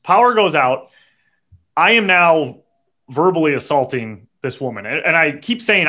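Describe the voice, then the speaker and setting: A man, co-hosting a podcast and telling a story in a casual, animated, profane way. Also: on the high side, normal speed. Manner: animated, profane, builds to indignant outbursts. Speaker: podcast co-host.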